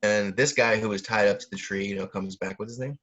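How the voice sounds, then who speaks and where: Man, casual co-host chat, rambling, filler-heavy, fairly low voice, muffled recording. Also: fairly even intonation, fast, a bit bright. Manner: rambling, many fillers, laughs often, mimics sound effects. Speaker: podcast co-host.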